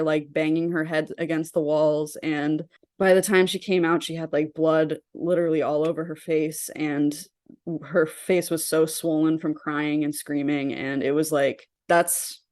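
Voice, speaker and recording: A woman's voice: low voice, a little mellow, no room sound, clean studio sound. A young woman telling personal stories as an interview guest, earnest and full of casual fillers. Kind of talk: personal storytelling in a podcast interview.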